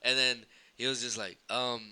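A young man telling a story in casual chat, animated and swearing, slipping in Spanish phrases. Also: medium pitch, moderate pace, clear, resonant tone. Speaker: podcast guest storyteller.

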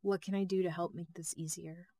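A woman reading an audiobook, voicing a calm, gentle male mission controller with a smooth, rounded voice. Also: lowish voice, fairly quick, no echo. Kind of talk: audiobook narration.

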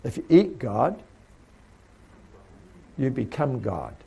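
A man's voice: mid-range voice, very animated, slow, creaky, dark tone, slight background noise. A man preaching a sermon to trainees, asking rhetorical questions and now and then mimicking the voices of other people.

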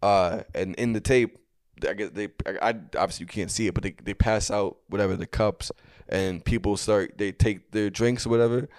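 Low-voiced man rambling through a story. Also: fairly even intonation, normal speed, a little mellow, clean tone, dry recording, clean studio sound. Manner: rambling, many fillers and restarts. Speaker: podcast co-host. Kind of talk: casual storytelling chat.

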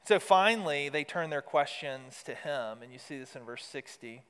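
A man's voice: fairly high pitch, lively intonation, normal speed, fairly bright tone, clear, resonant tone. Earnest male preacher in an echoing hall. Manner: earnest preaching, rising emphatic repetition. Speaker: pastor. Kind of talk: sermon.

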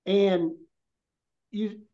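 A man's voice: high voice, fairly even intonation, extremely slow. A man, a podcast guest, telling a rambling hunting story in vivid detail and a casual way. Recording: dull lo-fi podcast audio.

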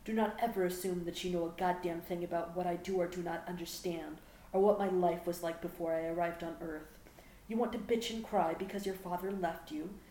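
A proud, scornful alien prince growls out cold, clipped lines, put on by a woman reading the story, pitched low and held quiet. The voice rings in an echoey room, with a faint hum underneath. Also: steady tone, fairly quick, close to an everyday voice. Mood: cold contempt.

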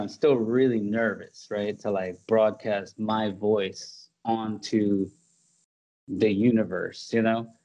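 A man's voice: fairly low pitch, a little mellow, dull audio. A man hosting a podcast in casual chat, rambling, laughing often and full of fillers and restarts. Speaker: podcast host.

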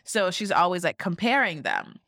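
A woman's voice: on the low side, lively intonation, normal speed, bright, forceful tone, no echo, clean studio sound. A woman co-hosting a podcast, casually recapping a reality show and acting out the contestants' quotes. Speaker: podcast co-host.

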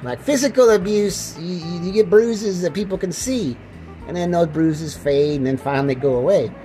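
A man with a high-pitched, mellow voice hosts a casual podcast at a moderate pace while lying down indoors, rambling, joking, and repeating himself. The low-quality recording has faint music in the background.

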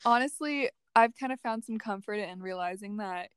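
A young woman co-hosting a casual podcast, reflective and drawn-out when making a point. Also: mid-range voice, clean tone, dry recording. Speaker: podcast co-host. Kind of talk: casual chat.

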